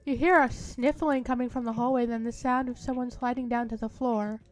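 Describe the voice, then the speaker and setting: A woman reading a visual novel's narration aloud in a hushed, dramatic way during a casual let's-play, with faint music behind her. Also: fairly high pitch, steady tone, a little fast.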